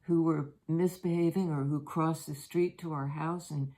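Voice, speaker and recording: An older woman and grandmother giving a tarot reading, talking in a soft, meandering, personal way with many fillers. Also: low voice, fairly even intonation, moderate pace, low-quality recording. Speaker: tarot reader. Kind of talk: reflective spoken reading. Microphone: handheld or propped camera.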